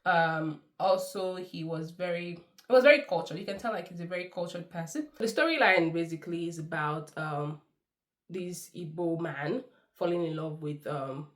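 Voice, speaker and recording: A woman's voice: lowish voice, moderate pace. A woman giving a chatty, effusive film review, laughing often. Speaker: movie reviewer. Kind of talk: casual movie review.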